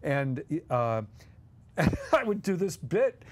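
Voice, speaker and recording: Slow-paced and a little high in pitch, this man joins a podcast as guest co-host. He tells stories animatedly, laughing softly as he goes and performing different voices.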